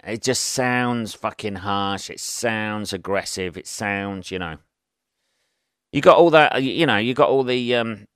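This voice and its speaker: A man's voice: lowish voice, clean tone, no room sound, clean studio sound. A man, chatting alone on his podcast, rambling, swearing and tagging on rhetorical questions. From England. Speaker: podcast host. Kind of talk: solo podcast monologue.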